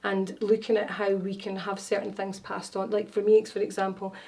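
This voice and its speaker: A woman appearing as a wellness consultant guest tells stories in a casual interview chat, using many fillers and restarts. Her mid-range voice is level and a little mellow at a moderate pace, and she sounds a bit far from the mic.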